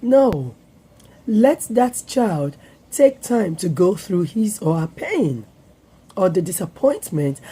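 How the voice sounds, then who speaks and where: A woman hosting her own parenting vlog, her voice hoarse as it comes back, talking earnestly with filler pauses. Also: medium pitch, mellow. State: hoarse, voice recovering. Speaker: vlogger and parenting show host. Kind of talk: solo vlog talk to viewers.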